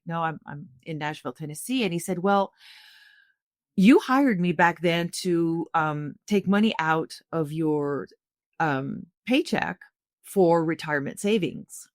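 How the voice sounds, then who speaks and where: A middle-aged woman from Canada recounts a personal story as a podcast guest, speaking in a slightly low voice. Her telling is earnest and animated, full of restarts. The sound is dry and close. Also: no echo. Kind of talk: conversational storytelling.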